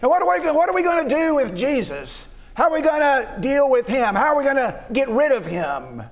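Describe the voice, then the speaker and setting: A man with a very high-pitched voice preaches a sermon, circling back with restarts and repeated words. He leans on rhetorical questions to the listeners. His voice rings with the long reverb of a large hall. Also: sing-song, a little fast.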